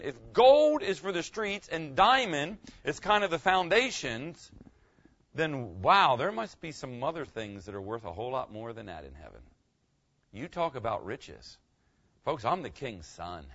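A male pastor delivers a sermon, his pitch rising and falling in lively swings. He moves between loud emphatic bursts and quiet, hushed lines. The recording sounds dull and lo-fi. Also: normal speed.

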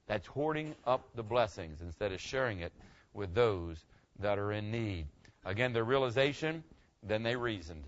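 A male pastor preaching a sermon, animated, swinging between loud bursts and hushed asides. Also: fairly low pitch, moderate pace, muffled recording.

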